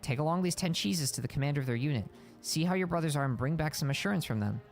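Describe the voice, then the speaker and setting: A man's voice: on the high side, lively intonation, fast talker, vocal fry, faint music behind. A man reading a Bible passage aloud on a stream and stopping to explain it in casual words.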